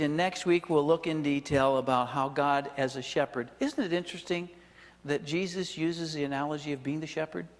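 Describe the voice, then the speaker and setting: A man's voice: fairly high pitch, a bit bright, long reverb tail, a little hiss or hum. A male pastor preaching a sermon, talking conversationally with chuckling asides and questions to the congregation. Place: church sanctuary.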